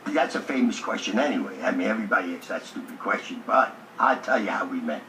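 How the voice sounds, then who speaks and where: A man being interviewed, telling a lively anecdote with a streetwise, joking delivery. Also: lowish voice, fast, slight background noise. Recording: echoey room, distant mic.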